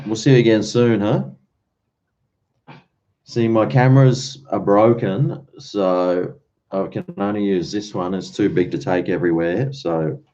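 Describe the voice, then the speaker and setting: The voice sits low and mellow: an Australian man hosting a livestream late at night. He drifts from thought to thought with easy chuckles, heard through dull, lo-fi stream audio.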